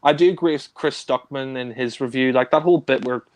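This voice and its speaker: A man's voice: mid-range voice, fairly quick, no echo. A man co-hosting a casual film discussion, rambling with many fillers, laughing and swearing. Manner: mimics characters in raised voice. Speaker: film review co-host.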